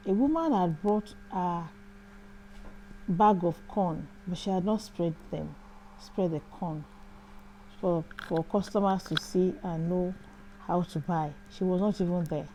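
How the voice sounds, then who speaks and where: A woman's voice: on the low side, measured pace, warm tone, slight background noise, rough recording. A woman hosting a show, telling a personal faith testimony in a reflective way, often repeating phrases. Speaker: host.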